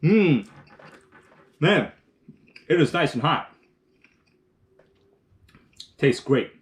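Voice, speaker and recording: A man's voice: fairly high pitch, expressive, very slow. A man hosting a casual live stream, chatting while eating and reading viewer comments aloud, rambling with restarts. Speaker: livestream host.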